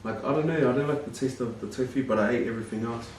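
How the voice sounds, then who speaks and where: Relaxed, hesitant man, distant roomy sound. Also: medium pitch, rapid-fire, a little hiss or hum. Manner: relaxed, hesitant, many ums. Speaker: vlog co-host. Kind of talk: casual mukbang chat.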